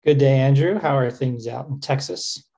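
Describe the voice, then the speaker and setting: Mellow husky man explaining. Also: mid-range voice, normal speed, low-quality recording. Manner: explains plainly with asides, some restarts. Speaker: podcast co-host. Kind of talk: casual explanatory chat.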